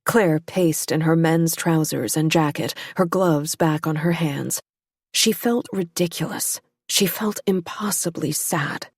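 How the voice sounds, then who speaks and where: Low, husky woman narrating a story. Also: measured pace, no echo, studio quality. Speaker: audiobook narrator. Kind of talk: scripted narration.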